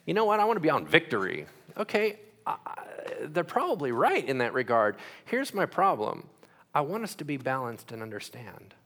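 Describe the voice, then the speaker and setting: A man preaching a sermon as pastor, asking the crowd questions and acting out quick voices. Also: mid-range voice, big pitch swings, a bit bright.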